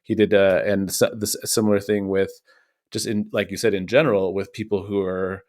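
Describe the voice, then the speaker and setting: Lowish voiced guy explaining stuff on a podcast, earnest, keeps restarting. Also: flat delivery, brisk, a little mellow. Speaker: podcast co-host. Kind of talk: casual news discussion.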